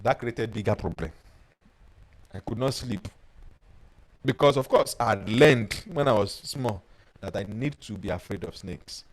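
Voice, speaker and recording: A man, a life coach teaching a webinar and telling personal stories in an animated way. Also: on the low side, unhurried, long pauses, low-quality recording. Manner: animated storyteller who reads out viewer comments.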